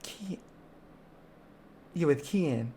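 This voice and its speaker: Woman voicing a nagging middle-aged aunt in a tabletop game: flustered and bossy, animated pitch. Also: drawn-out words, slight background noise, exaggerated voice. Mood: scolding. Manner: flustered, scolding, fussy questions.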